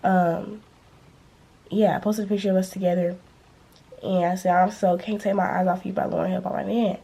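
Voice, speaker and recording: Young woman vlogger, mellow husky voice, lively slangy storytelling. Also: mid-range voice. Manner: animated, slangy storytelling, acting out quotes. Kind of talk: storytime vlog.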